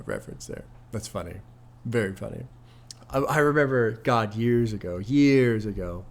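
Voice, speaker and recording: Laid-back swearing man reacting to music. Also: medium pitch. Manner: rambling, laid-back, swears often, laughs at own stories. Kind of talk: casual album reaction commentary.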